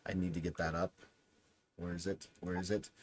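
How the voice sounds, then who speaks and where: A man's voice: sits low, little pitch movement, crowd noise. A man narrating as game master of a tabletop role-playing game, rambling with many fillers. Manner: rambling, full of fillers, voices characters in quick asides.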